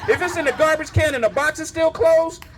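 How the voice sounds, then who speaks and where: A middle-aged man doing stand-up comedy on a club stage, telling animated stories and breaking into laughter and sung bits. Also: very high-pitched, fairly quick, background noise.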